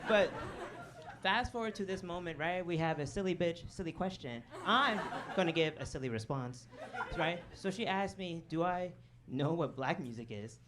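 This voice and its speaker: A comedian working a club stage with a handheld mic, her voice sitting on the lower side. She keeps checking in with "okay?" and "right?" and laughs along with her own bits. Clear audience laughter rises behind her. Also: expressive, normal speed, a crowd in the background, noisy background. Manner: chatty, frequent "okay?" and "right?" asides, laughs at own jokes. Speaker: stand-up comedian. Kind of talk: stand-up set.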